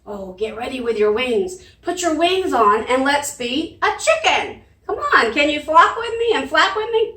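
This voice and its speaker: A woman leads a children's sing-along, her high voice swinging up and down as she coaxes and makes animal noises. She sounds set back from the mic in an echoey room. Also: very animated, a little slow, hardly any pauses, pushed and bright, distant mic. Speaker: children's librarian. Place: library room.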